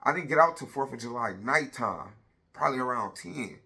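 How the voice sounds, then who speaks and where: A man's voice: medium pitch, lively intonation, brisk, bright, forceful tone. A man in his thirties telling a personal story on a casual vlog, blunt and profane, retelling it with lots of energy.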